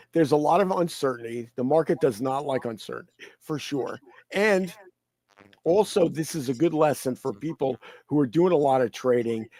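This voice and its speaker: A man speaking as a guest in a casual interview, animated, often repeating his words as he talks. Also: poor audio. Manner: animated, repeats words, acts out quoted people in high mocking voices. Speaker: guest commentator.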